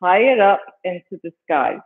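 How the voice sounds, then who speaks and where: Storybook Moon, an aloof sky spirit put on by a British man, low, slow refusals, tinny call line. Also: very animated, gravelly, heavily acted. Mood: refusing. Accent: British English.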